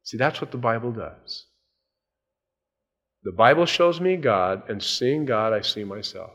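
A male pastor preaching a sermon, telling a Bible story with lively swings between loud and hushed delivery. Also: mid-range voice, unhurried, dull audio. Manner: animated storytelling, dropping to hushed tones for emphasis.

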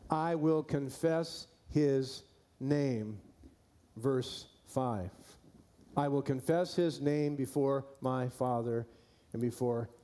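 Male pastor, unhurried folksy sermon delivery, dark warm voice. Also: medium pitch. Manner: folksy, repeats key phrases for emphasis. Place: church.

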